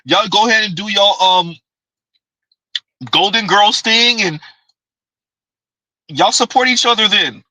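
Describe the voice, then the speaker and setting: Male streamer, sarcastic reaction commentary; high voice with a piercing edge. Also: takes it slowly, pauses often, pushed and bright, dry recording, rough recording. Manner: mocking, sarcastic.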